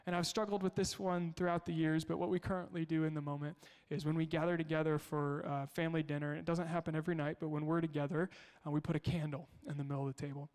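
A man's voice: on the high side, flat delivery, fast, hardly any pauses, darkish tone. A male pastor preaching a sermon, telling family stories in a conversational way and asking the congregation rhetorical questions. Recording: long hall reverb.

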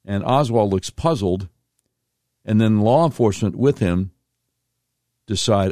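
A man's voice: lowish voice, measured pace, long pauses, dark tone, dry recording, studio quality. A middle-aged man hosting a talk radio show, commenting with emphatic, incredulous asides.

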